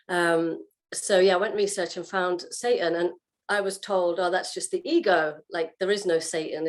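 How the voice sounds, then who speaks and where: A woman, a guest on an interview show, telling her personal story in a casual way and acting out her own past reactions. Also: lowish voice. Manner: animated, acts out what she said and felt. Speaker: guest sharing her testimony.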